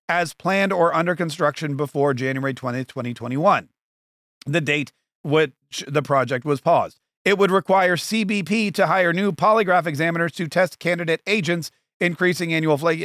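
A male podcast host delivering a sarcastic political monologue, full of rambling asides. His voice sits somewhat high for a man, and the recording is dry and close, with no room echo. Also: a bit bright.

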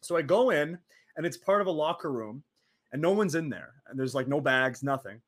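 A man in his twenties, an interview guest telling stories in a lively way, acting out quotes and laughing often. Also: a little high, fairly quick. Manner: animated, acts out quoted voices, laughs often. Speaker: interview guest, former wrestler. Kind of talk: casual storytelling.

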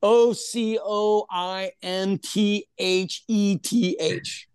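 A man's voice: high voice, fairly even intonation, drawn-out words, clear, resonant tone, no room sound. A man co-hosting a podcast in casual chat, rambling and repeating words, laughing often. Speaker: podcast co-host.

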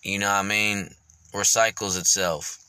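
Guy on his podcast just keeping it real, kinda low voice but bright, rambly and swears a lot, dry mic. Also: steady tone, moderate pace, clean tone, no room sound. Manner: reflective, rambling, many fillers, swears freely. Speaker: podcast host. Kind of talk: candid podcast monologue.

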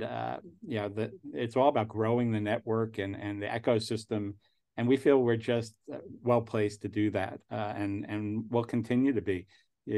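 With a medium-pitched, somewhat mellow voice, a New York-accented angel investor in his sixties chats informally as an interview guest, rambling and frequently starting over.

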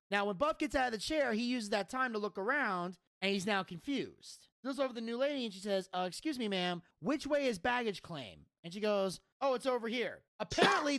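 A man co-hosting a podcast, telling a story in a casual, profane, animated way. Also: extremely high pitch, no echo, clean studio sound. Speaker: podcast co-host. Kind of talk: casual chat.

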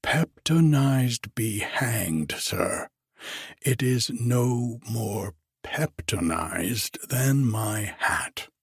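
Voiced by a man, a pompous old gentleman guest fumes in this storybook reading, stiff and formal, his delivery slow and deliberate. The voice is deep-set, very raspy, and close and dry. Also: lively intonation, no echo, exaggerated voice. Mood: indignant. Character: indignant old gentleman, fussy hotel guest.

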